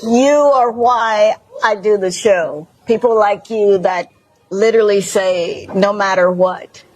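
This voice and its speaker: A woman's voice: medium pitch, slow pace, a little mellow, low-quality recording. A woman with a Mississippi accent hosting a talk show, effusive and preachy as she gushes praise and encouragement. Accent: Southern US, Mississippi. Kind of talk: emotional, encouraging chat show closing.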